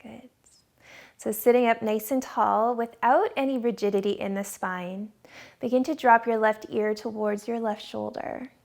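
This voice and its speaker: A woman yoga instructor leading a gentle class from her living room in a slow, soothing guiding voice. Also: a little high, fairly even intonation, creaky.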